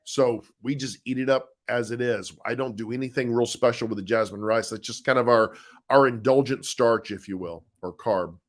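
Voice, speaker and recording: A man's voice: mid-range voice, moderate pace. A middle-aged man co-hosting a casual live stream, chatting in a rambling, easygoing way as he answers viewer comments. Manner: easygoing, rambling, with frequent restarts and laughs. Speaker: co-host of a live chat show, husband of the author.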